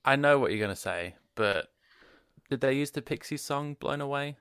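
A man co-hosting a casual chat, breaking in with quick joking remarks. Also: medium pitch, lively intonation, fairly bright tone, clear, resonant tone, dry recording, clean studio sound. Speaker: podcast co-host.

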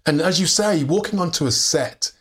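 A man's voice: a little high, normal speed. An English actor, a man, telling anecdotes as a guest in a candid interview, restarting sentences and laughing often. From England. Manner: animated storyteller, many restarts and laughs.

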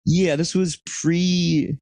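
A man's voice: fairly high pitch, flat delivery, very slow, a little mellow, dry recording. A man from Texas co-hosting a podcast, telling a rambling, profane anecdote and acting out quotes in a casual chat. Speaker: podcast co-host.

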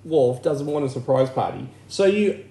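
A man co-hosting a podcast in casual chat, animated and jokey with swearing. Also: medium pitch, moderate pace, creaky. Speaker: podcast co-host. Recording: echoey room.

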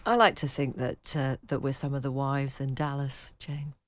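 A woman's voice: a bass voice, little pitch movement, normal speed, slight background noise. A woman co-hosting a radio chat show, wry and teasing, laughing as she talks. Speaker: radio co-host.

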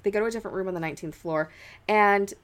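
A woman's voice: medium pitch, racing. A young adult woman co-hosting a podcast, telling a ghost story in a casual, chatty way, full of "like" fillers and dramatic quoted voices. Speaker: podcast co-host.

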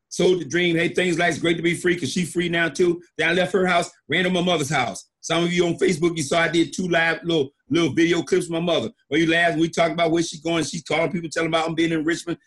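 Through motivational storytelling, a middle-aged man who leads in network marketing speaks emphatically, acting out stories and repeating phrases. His voice is husky, a little high, and fairly bright.

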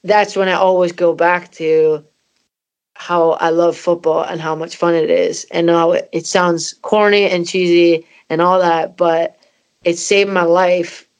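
Woman, 30s, from Canada, interview guest, candid personal storytelling, frequent fillers, slightly low pitch. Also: little pitch movement, a little slow. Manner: candid and emotional, many "you know" fillers. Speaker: footballer guest.

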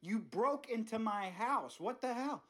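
A man's voice: high-pitched, animated, a little slow, fairly bright tone, exaggerated voice. A man voicing a startled homeowner who finds an intruder in his kitchen, flustered and exasperated. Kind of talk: comedy sketch character voice.

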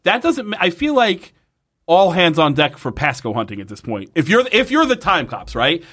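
A man hosting a podcast, casually recapping an episode, animated and swearing as he gets worked up. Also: on the high side, normal speed. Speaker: podcast host.

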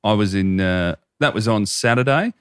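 Low-voiced Australian bloke, swearing storyteller. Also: male voice, moderate pace, clear, resonant tone, dry recording, studio quality. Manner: profane, rambling anecdotes. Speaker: podcast co-host. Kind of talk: casual chat.

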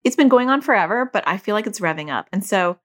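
A middle-aged woman, a mother and parent educator, explaining casually and acting out quoted lines in a higher voice. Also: animated, fast, fairly bright tone. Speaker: parent educator teaching about OCD.

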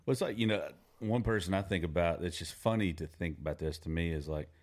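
A man's voice: sits low, quick pace. A young man co-hosting a casual music podcast, easygoing and talkative, with many fillers. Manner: easygoing, lots of "you know" fillers.

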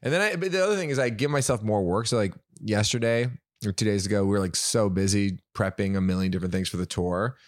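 A man, a musician guest, telling rambling, animated stories in casual podcast chat and laughing often. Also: fairly low pitch, quick pace, dry recording, clean studio sound.

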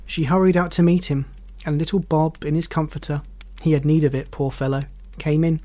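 A measured, expressive narrator reading a classic novel aloud. Dramatic pauses give weight to key phrases. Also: medium pitch.

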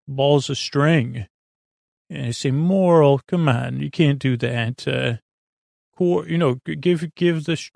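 A man hosting a sleep podcast, rambling in a slow, meandering way full of fillers and restarts. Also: mid-range voice, vocal fry, dry recording. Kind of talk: rambling bedtime podcast chat.

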